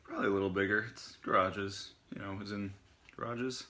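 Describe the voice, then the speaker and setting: A man's voice: on the low side, steady tone, brisk, pushed and bright. A man voicing a breezy young boy coaxing his friend to come along.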